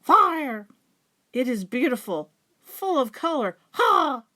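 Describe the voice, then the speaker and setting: A woman voicing an excited old male raven in a children's storybook reading, with loud, high cawing exclamations. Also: normal speed, lightly acted.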